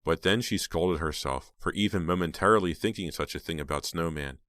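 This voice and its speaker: A man narrating an audiobook in a steady, measured voice. His voice is very low and deep, and the recording is dry and close with no room sound. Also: no room sound. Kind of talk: scripted narration.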